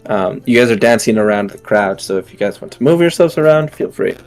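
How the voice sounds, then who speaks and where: A young man as game master narrating a scene, halting and full of fillers. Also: fairly low pitch, lively intonation, soft background music. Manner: hesitant, many fillers and restarts.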